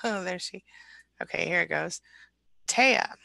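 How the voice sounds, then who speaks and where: A middle-aged woman hosting a live coaching stream, warm and chatty as she greets viewers. Her voice is bright with a touch of vocal fry. The recording is dry and close to the mic. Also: mid-range voice, moderate pace, dry recording. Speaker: relationship recovery coach.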